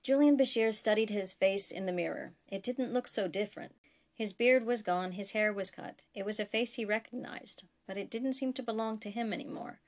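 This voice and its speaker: A woman reads her own science fiction story aloud in a steady, unhurried voice. Her tone sits at a middle pitch with a noticeable gravelly, creaky grain. It is plain audiobook narration.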